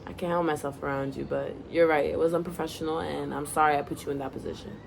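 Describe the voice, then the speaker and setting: A woman's voice: low voice, fairly even intonation, fast talker, creaky, noisy background. A woman voicing a playful, cocky young man who teases his girlfriend on a video call. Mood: teasing.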